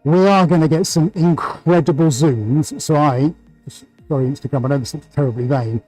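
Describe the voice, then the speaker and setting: A man's voice: on the high side, normal speed, dark tone, faint music behind, rough recording. A British man hosting a painting livestream, talking to viewers in an upbeat, enthusiastic way and full of superlatives. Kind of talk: livestream commentary.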